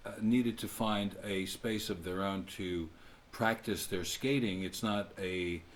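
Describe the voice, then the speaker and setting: A man's voice: sits low, steady tone, slow. A man co-hosting a radio talk show, asking questions casually and often restarting his sentences. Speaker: radio co-host. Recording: distant mic, faint background hum.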